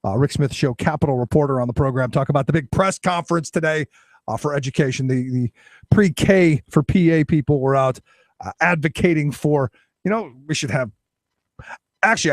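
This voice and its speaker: A man's voice: a little high, brisk, no room sound. A man hosting a political talk radio show, delivering an opinionated, sarcastic monologue. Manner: animated, sarcastic, acts out quoted voices.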